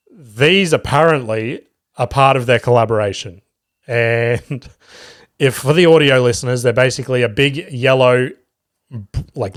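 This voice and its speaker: A man's voice: medium pitch, dry recording, clean studio sound. Swearing man telling gig stories. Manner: swears freely, rambling storyteller. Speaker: podcast host and stand-up comedian. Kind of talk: casual solo podcast chat.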